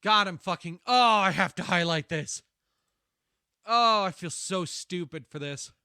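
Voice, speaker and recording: A man streamer giving casual, profane commentary over his own stream highlights, ranting animatedly and laughing often. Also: lively intonation, a little slow, sharp tone, clean tone, dry recording, studio quality.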